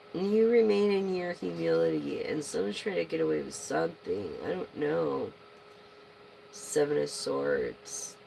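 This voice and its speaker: Animated, gravelly-voiced woman tarot reader. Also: fairly low pitch, a little hiss or hum, low-quality recording. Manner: chatty, excitable, bursts into shouting; swears casually. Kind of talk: casual tarot reading to viewers.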